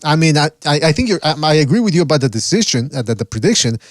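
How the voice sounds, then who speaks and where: A man's voice: on the high side, big pitch swings, very fast, dry recording, clean studio sound. A man hosting a call-in boxing podcast, talking in a loose, rambling, joking way with restarts and the odd swear. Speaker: podcast host.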